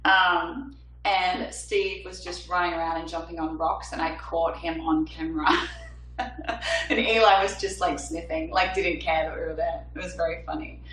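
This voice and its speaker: A bubbly young woman talks between songs on a livestream from her apartment, reading viewers' comments aloud. Her voice is bright and lively, and the room sounds echoey with the mic set back from her. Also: lowish voice, normal speed, distant mic, slight background noise. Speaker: singer-songwriter hosting a livestream.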